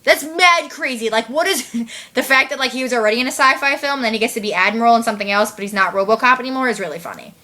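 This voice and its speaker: Woman vlogger, bright higher voice, slangy casual movie recap. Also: quick pace. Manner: chatty, slangy, heavy use of "like", swears.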